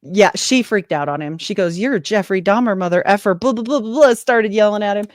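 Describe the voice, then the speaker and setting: A woman's voice: medium pitch, fairly quick, no echo, studio quality. A woman talking casually in an interview, telling a long story animatedly and acting out what people said. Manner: animated, quotes people in lively voices. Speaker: podcast host, guest.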